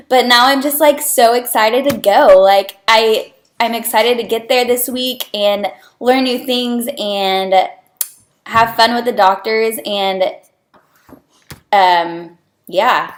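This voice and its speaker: A young woman talks straight to her viewers in a relaxed, earnest ramble, sprinkling "like" through nearly every phrase. Her pitch sits in a plain middle range. The room around her is noticeably roomy and echoey. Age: young adult. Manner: chatty, earnest, heavy use of "like". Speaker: student on clinical rotation. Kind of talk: casual personal vlog. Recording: roomy echo.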